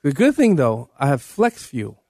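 A man hosting a talk radio show, excitable and quick to shout when he argues. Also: creaky, no echo, studio quality. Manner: excitable, shouts and jumps high in pitch when arguing. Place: radio studio.

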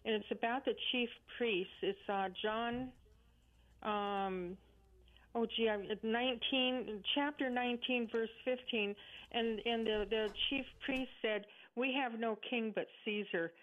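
A woman's voice: on the high side, fairly even intonation, slow pace. A woman calling in to a radio show, chatty and earnest, rambling a little as she talks. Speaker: caller. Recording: phone line.

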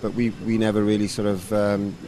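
Low, flat-voiced relaxed man. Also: brisk. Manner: relaxed, rambling with many fillers. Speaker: rugby coach and former player. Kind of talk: casual interview answers.

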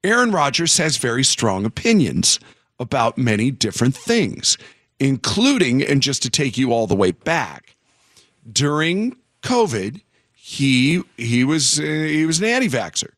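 A man's voice: mid-range voice, sing-song, measured pace, a bit bright, no room sound, studio quality. A man hosting a morning radio show, telling a news story in a rambling, self-interrupting way.

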